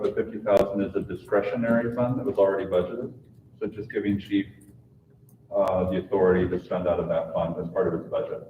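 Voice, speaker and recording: A man's voice: fairly low pitch, a little hiss or hum. A man on a council explaining a budget matter, repeating words as he restarts. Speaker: council member. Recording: phone-like, echoey, distant.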